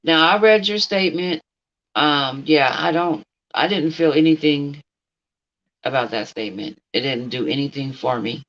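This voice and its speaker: A woman's voice: deep voice, moderate pace, lo-fi sound. A middle-aged woman hosting a casual livestream, blunt and outspoken, talking straight at someone who isn't there and answering her chat. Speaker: livestream host.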